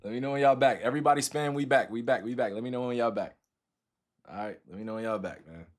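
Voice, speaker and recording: A man's voice: medium pitch, fast. Man chatting loosely with his stream viewers. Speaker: livestreamer. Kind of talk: casual livestream chat with viewers.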